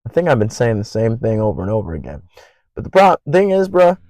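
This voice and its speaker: Loud, swearing young man podcasting solo. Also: mid-range voice, wildly swooping pitch, fast, no echo, low-quality recording. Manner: profane, rambling and earnest; loud by habit. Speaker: podcast host. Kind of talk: casual solo podcast monologue.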